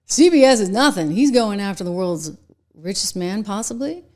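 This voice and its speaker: Middle-aged lady host riffing on politics, chatty and animated, laughs a lot. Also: medium pitch, measured pace. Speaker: political commentary show host. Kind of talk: casual political commentary.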